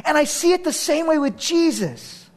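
A man in his thirties preaching a sermon as a pastor. He tells stories with self-deprecating humor and sudden drops to a hush. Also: very high voice, very animated, normal speed.

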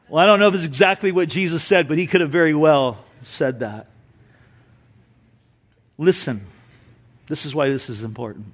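A man preaching an Easter sermon as pastor, telling stories with humor and swinging between emphatic lines and hushed ones. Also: on the high side, normal speed, long pauses. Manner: storytelling with humor.

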